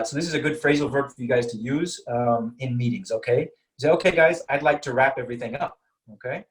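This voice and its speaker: A man's voice: medium pitch, poor audio. A man teaching an English class over a video call, explaining patiently and checking in with "okay?" after nearly every point.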